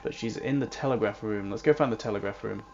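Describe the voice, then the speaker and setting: A man's voice: fairly low pitch, fast talker, darkish tone. A man doing let's-play commentary on a mystery game, playful, reading the on-screen text aloud and humming little jingles. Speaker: gamer playing a mystery game. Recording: dull lo-fi with faint hiss.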